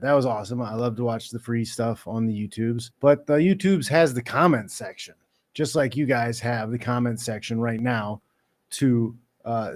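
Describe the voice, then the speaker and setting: A man's voice: mid-range voice, a little mellow. A man hosting a show, giving a blunt, exasperated commentary rant. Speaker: show host.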